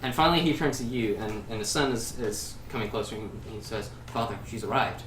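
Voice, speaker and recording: A man narrating a tabletop game as game master in a relaxed, chatty way. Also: fairly low pitch, fairly quick. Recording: echoey distant livestream mic with noise.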